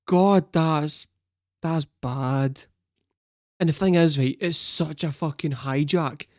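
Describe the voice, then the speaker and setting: A woman's voice: sits low, takes it slowly, a little mellow, no room sound, clean studio sound. Swearing, laughing woman reacting on camera. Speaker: reaction video host. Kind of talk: casual reaction commentary.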